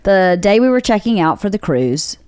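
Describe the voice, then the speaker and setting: A woman's voice: mid-range voice, big pitch swings, moderate pace, darkish tone, clear, resonant tone, no echo, studio quality. A woman hosting a podcast, telling a story in casual chat with lots of swearing and acted-out quotes. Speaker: podcast host.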